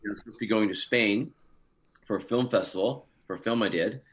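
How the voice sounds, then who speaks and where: A man with a fairly low-pitched voice talks briskly as an actor guest in a laid-back interview, telling rambling stories loaded with filler words. He has Scottish heritage through his parents.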